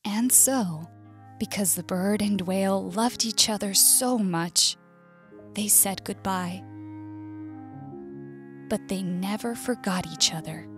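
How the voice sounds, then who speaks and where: Slow, clear American woman storyteller. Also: mid-range voice, over music. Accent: US English. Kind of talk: scripted narration for language learners.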